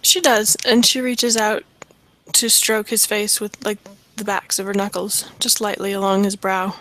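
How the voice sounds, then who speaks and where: A woman taking part in a collaborative role-play, describing actions in a soft and unhurried way. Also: mid-range voice, level tone, poor audio.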